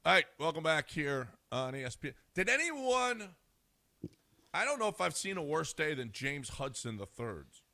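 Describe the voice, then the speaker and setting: A man co-hosting sports radio, chatting excitably and tripping over his words. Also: on the high side, normal speed, dry recording. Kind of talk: casual sports radio chat.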